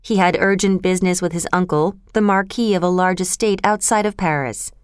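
A woman narrating a classic storybook tale in a measured, clear way. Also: on the low side, dry recording, studio quality. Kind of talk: storybook reading of a classic novel.

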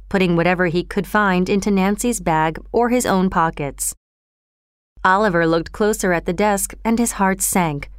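A woman narrating a storybook in an even, clear reading manner. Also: medium pitch, dry recording, studio quality.

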